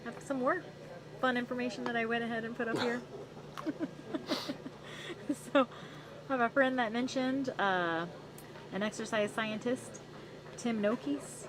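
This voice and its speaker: A woman's voice: a little high, fairly even intonation, a little slow, long pauses, background noise. A woman commentating on a race livestream outdoors, talking in a rambling way with many fillers. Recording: loud crowd behind.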